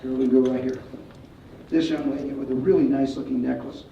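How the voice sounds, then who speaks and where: A male martial arts instructor leading a school assembly, giving loud commands and calling for the kids to repeat after him. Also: mid-range voice, fairly even intonation, a little fast, creaky, a little hiss or hum. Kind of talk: school assembly talk with call-and-response. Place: large school hall or gym. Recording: echoey hall, distant, dull sound, faint crowd.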